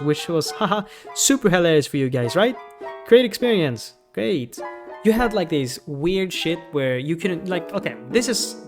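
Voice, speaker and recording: A man ranting in a rambling, profane and exasperated way, giving commentary as a gaming YouTuber. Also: fairly high pitch.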